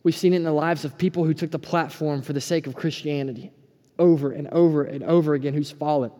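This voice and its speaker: Earnest preacher man, mellow, echoing hall. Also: on the high side, steady tone, fast talker. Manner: earnest, swings between hushed and fired-up. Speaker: pastor. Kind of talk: sermon. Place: church sanctuary. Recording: preaching in a hall with long reverb.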